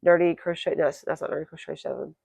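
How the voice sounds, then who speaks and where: A woman crochet vlogger chatting casually to her viewers, quick and self-correcting, her voice croaky today. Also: deep voice, little pitch movement, a little mellow, no echo. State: croaky, clearing throat. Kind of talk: casual chat to camera.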